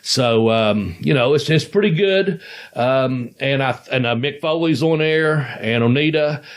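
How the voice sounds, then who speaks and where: A man's voice: medium pitch, a little slow. A man co-hosting a podcast, a former wrestler telling rambling, profane stories and laughing as he goes. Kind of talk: casual storytelling chat.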